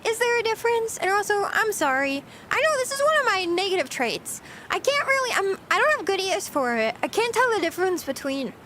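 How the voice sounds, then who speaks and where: A woman's voice: extremely high pitch, noisy background. A young woman streamer rambling through casual chat with her viewers, giggling often.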